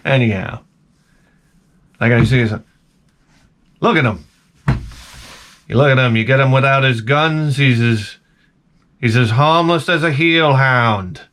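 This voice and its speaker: A man's voice: mid-range voice, slow pace, long pauses, fairly bright tone. A man rambling through a comic monologue to camera, jumping between tangents and restarting his sentences. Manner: tangent-prone rant, frequent stammered restarts. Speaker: vlogger.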